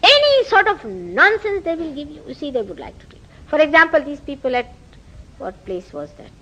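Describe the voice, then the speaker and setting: A woman's voice: high-pitched, brisk, muffled recording. A woman with an Indian accent giving a spiritual lecture, telling stories and acting out quoted dialogue. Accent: Indian English. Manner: animated storytelling, acts out quoted dialogue. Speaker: spiritual teacher.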